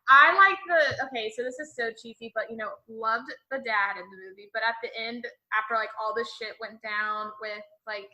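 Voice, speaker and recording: A woman's voice: fairly high pitch, moderate pace, few pauses, pushed and bright, echoey room, low-quality recording. A woman guest on a podcast, chatting casually and saying like a lot. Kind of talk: casual chat.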